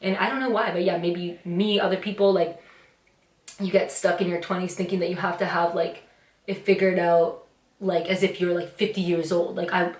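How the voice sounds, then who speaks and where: Twenty-something girl rambling through a grwm vlog, lowish voice, room kinda echoey. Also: little pitch movement, moderate pace. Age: 20s. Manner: rambling, filler-heavy and reflective. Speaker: YouTuber. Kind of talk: casual get-ready-with-me chat. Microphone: camera mic.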